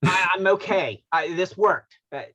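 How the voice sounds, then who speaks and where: A man's voice: high-pitched, measured pace, sharp tone. A man co-hosting an online wellness talk, upbeat and affirming. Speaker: co-host.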